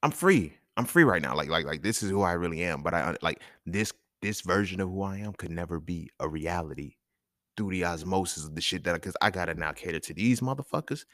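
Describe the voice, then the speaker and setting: Male podcast host, low and animated, blunt and profane, dry close sound. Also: brisk, no room sound. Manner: chuckles between points. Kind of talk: casual monologue.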